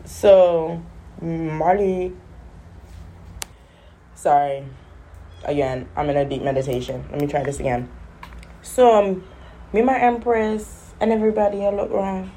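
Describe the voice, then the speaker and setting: A woman telling a funny story in a casual vlog, animated, acting out voices and laughing often. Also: lowish voice, unhurried, pauses often, a little hiss or hum.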